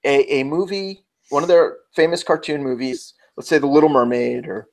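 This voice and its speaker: In a casual round-table podcast chat, a New York–accented co-host talks at a moderate pace with a fairly high voice. He rambles in a chatty manner and often interrupts himself, beginning his sentences anew.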